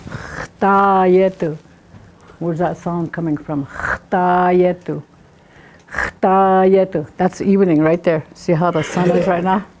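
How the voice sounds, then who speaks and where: A middle-aged woman leads a classroom lesson at a slow, deliberate pace. Her voice sits on the low side for a woman. She repeats each word patiently so her students can follow. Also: warm tone, slight background noise. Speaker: language teacher.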